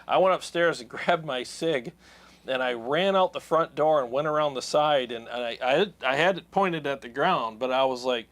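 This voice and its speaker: A man's voice: mid-range voice, normal speed. A man hosting a live stream, chatting casually and telling stories with laughter and acted-out voices. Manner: laughing, animated storyteller acting out voices; stumbles and restarts often. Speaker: host of a guitar tone channel live stream. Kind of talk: casual chat, storytelling.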